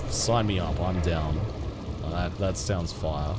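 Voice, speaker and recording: Against a noisy background, a low-pitched man talks casually with his viewers during a game stream. His manner is laid-back and rambling, with frequent restarts and quick laughs.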